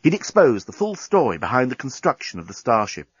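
A man's voice: mid-range voice, very animated, fairly quick, breathy edge, dry recording, lo-fi sound. Man narrating a comic story, dry recording. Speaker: audiobook narrator. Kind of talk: scripted narration.

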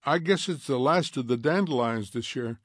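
A man voicing a curious, gently odd teenage girl who talks softly and stumbles over her words. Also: medium pitch, lively intonation, normal speed, no room sound, studio quality, lightly acted. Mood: wondering.

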